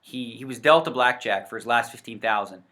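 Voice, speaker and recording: A poker vlogger talks to the camera in a casual, rambling rant packed with fillers and self-corrections. His medium-pitched voice moves fairly quickly with a sharp edge. He's indoors before a set backdrop, with the mic facing the camera.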